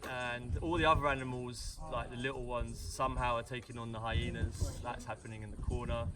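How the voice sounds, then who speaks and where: A man's voice: mid-range voice, level tone, fairly quick, far from the mic, crowd noise. A British man retelling a story for his family with jokey asides and rambling restarts. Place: family home at Christmas.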